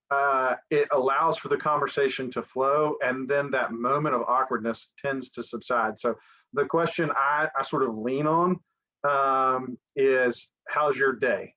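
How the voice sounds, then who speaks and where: A man's voice: mid-range voice, pushed and bright, highs cut off. A man co-hosting a business podcast in casual chat, easygoing, cutting in with jokes. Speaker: podcast co-host.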